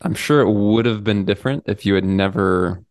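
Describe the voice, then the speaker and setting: A man hosting a podcast, asking questions in a relaxed way, hedging with frequent fillers. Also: fairly low pitch, normal speed, vocal fry, no echo, studio quality. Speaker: podcast host. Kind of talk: casual interview.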